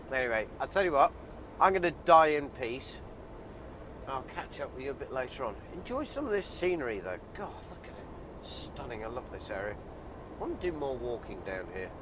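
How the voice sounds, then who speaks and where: A man's voice: medium pitch, background noise. Chatty man vlogging with a head cold. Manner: chatty, rambling, with many ums. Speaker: lorry driver vlogger. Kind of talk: casual vlog chat. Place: lorry cab while driving, then outdoors on a hill.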